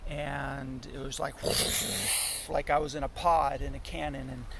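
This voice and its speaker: A man telling a personal story in a halting, earnest way, often restarting his sentences. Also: medium pitch, flat delivery, creaky, heavy background noise.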